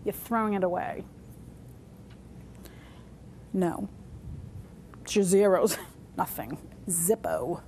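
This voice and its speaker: A woman teaching a sign language class, talking through each sign as she shows it, with pauses and fillers. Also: fairly low pitch, expressive, dark tone, a little hiss or hum. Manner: demonstrative, talks through signs with pauses and fillers.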